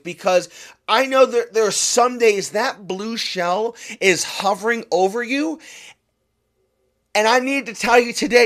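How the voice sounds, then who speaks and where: A man's voice: high-pitched, a bit bright. A man hosting a podcast, giving a fervent motivational talk that urges the listener directly. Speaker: podcast host. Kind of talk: motivational monologue.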